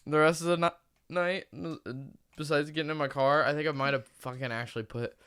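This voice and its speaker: A woman's voice: sits low, fairly even intonation, a little fast, a bit bright, smooth. A young woman hosting a casual podcast chat, blunt and teasing, swearing freely as she coaxes her sister. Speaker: podcast host.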